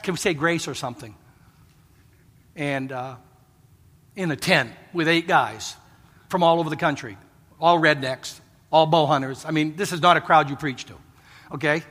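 A man's voice: sits high, fairly bright tone. A middle-aged man preaching a sermon, telling stories and pleading earnestly with the congregation. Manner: storytelling, earnest pleading with laughs. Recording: long reverb of a hall.

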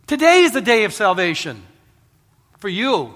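This middle-aged man's voice is high and a bit bright, with big pitch swings and a moderate pace. He preaches a sermon, telling stories and earnestly pleading with the congregation while laughing at times. The sound carries the long reverb of a hall.

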